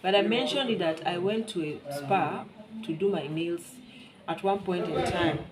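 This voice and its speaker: A woman's voice: fairly low pitch, unhurried, background noise. A woman from Kenya with a Kenyan accent, talking frankly and bluntly in a casual vlog monologue. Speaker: vlogger.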